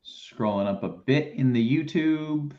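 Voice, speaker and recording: A man's voice: medium pitch, measured pace, warm tone. A man hosting a casual live stream, reading viewer questions aloud to his guests. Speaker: host. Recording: dull lo-fi stream audio.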